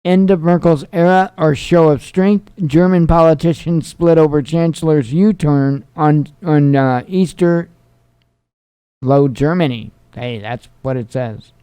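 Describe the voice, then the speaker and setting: A man's voice: on the high side, fairly even intonation, measured pace, warm tone, smooth, dry recording. A winded man hosting a news show, reading headlines aloud and adding dry, sarcastic asides between them.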